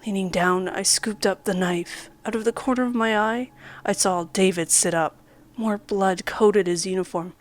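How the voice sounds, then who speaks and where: A woman reading a first-person horror story in a measured, dramatic way, sometimes dropping into a whisper. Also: mid-range voice, steady tone. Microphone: studio condenser mic.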